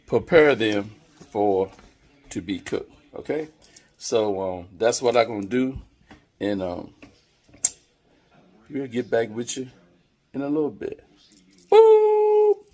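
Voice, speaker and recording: A man's voice: mid-range voice, takes it slowly, pauses often. A man in his home kitchen, talking casually to a camera on a tripod as he shows his cooking steps, rambling and checking in with viewers. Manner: rambling, talks straight to viewers, lots of okays. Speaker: home cook filming a cooking video.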